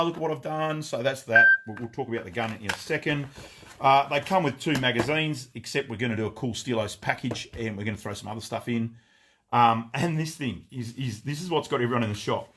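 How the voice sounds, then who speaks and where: A man hosting a live product showcase from a gun shop, excitable and rambling, swearing freely as he talks. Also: medium pitch, breathy edge. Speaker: gun shop owner and livestream host.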